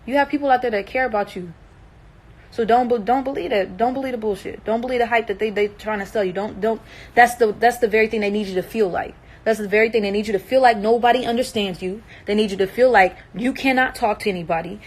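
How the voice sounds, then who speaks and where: A woman's voice: fairly high pitch, fast talker, low-quality recording. A young woman in a distressed, emotional livestream monologue, earnest and emphatic, repeating herself and swearing.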